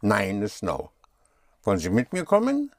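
A man's voice: lowish voice, wildly swooping pitch, normal speed, no room sound, studio quality. A man teaching German in a patient one-on-one lesson, often spelling words out letter by letter.

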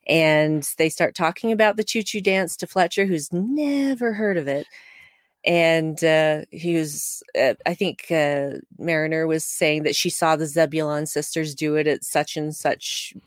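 A woman co-hosting a podcast, retelling an episode in an animated, casual way and acting out the characters' lines as she goes. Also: low voice, unhurried, no room sound, clean studio sound. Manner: animated storytelling, acts out quoted characters. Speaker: podcast co-host. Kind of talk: casual episode recap chat.

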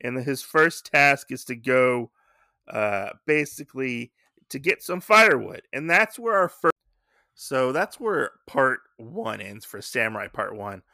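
A man's voice: mid-range voice, sing-song, unhurried, creaky, pushed and bright, no echo, studio quality. A man hosting a podcast, casually recapping a comic book in a rambling way with lots of fillers and restarts. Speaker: podcast host.

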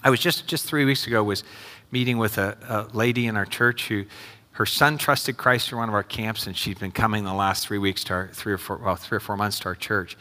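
In a church sanctuary, a male pastor preaches an earnest sermon, often repeating his questions to the congregation. His fairly low voice is quick, sharp in tone and fairly even in intonation, and long hall reverb fills the recording.

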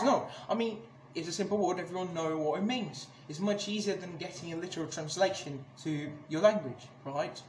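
High-voiced man ranting angrily on a podcast. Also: normal speed, few pauses. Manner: angry, swears a lot, many restarts. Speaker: podcast host. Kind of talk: casual ranting monologue. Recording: echoey room with clear background noise.

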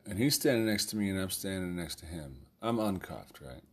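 A man's voice: deep voice, animated, fairly quick, slightly rough. A man telling a personal story in a casual, rambling way, swearing freely and laughing as he goes. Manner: profane, rambling, laughs often.

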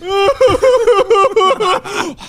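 A man co-hosting a podcast in casual chat, telling a loud, crude story and shouting the lines he quotes. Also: very high-pitched, drawn-out words. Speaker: podcast co-host.

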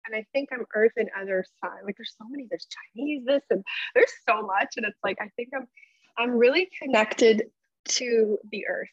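A woman's voice: on the high side, normal speed, slightly rough, dry recording. A woman speaking as a podcast guest in casual interview chat, emotional, effusive and earnest. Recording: dull, slightly lo-fi sound.

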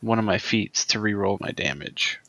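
A man with a bright, forward voice playing in a casual tabletop game. He is eager, tallies his rolls aloud and grumbles in mock exasperation when they go badly. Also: lowish voice, moderate pace. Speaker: player.

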